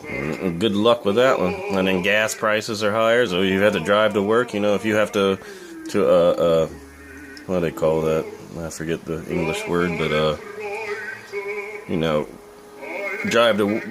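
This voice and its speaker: A young man talking in a casual, profane, rambling rant as a vlogger. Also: low-pitched. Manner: profane, blunt, rambling with fillers. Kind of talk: casual ranting monologue.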